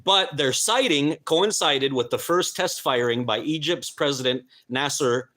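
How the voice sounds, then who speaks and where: A man's voice: mid-range voice, fairly bright tone. Earnest man talking on a live stream. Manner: earnest, emphatic, stumbles over names. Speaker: host.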